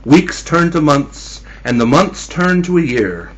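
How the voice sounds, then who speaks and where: A man's voice: a little high, lively intonation, measured pace, slightly rough, dull audio. A man telling a spooky Halloween story in a teasing, theatrical manner, addressing his listeners as kiddies.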